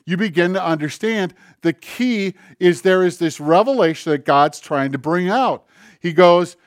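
A male pastor delivers a sermon in an earnest, conversational voice that sits a little high for a man. He slows down to lean on key phrases and slips into acted-out asides. The sound is close and dry. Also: animated, no room sound. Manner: acts out dialogue and asides.

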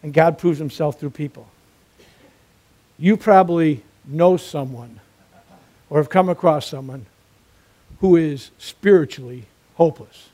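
A man delivers a sermon with emphatic, repeated phrases and a storyteller's ease. His voice is mellow and warm, sitting a bit high for a man. He builds his points through steady repetition. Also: unhurried, long pauses. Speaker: preacher.

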